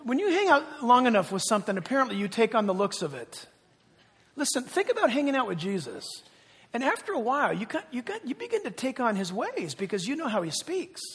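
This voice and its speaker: A man's voice: very high-pitched, huge pitch swings, fairly quick, a bit bright, husky. A man preaching a sermon as pastor, emphatic, prompting the congregation to repeat words back. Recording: long reverb of a large hall.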